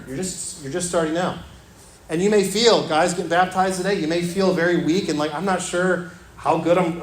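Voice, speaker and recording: A man preaching a sermon as pastor in a church. He talks earnestly and repeats his phrases, dropping to a soft, low voice when he quotes scripture. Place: church sanctuary. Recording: echoey church room with faint ambience.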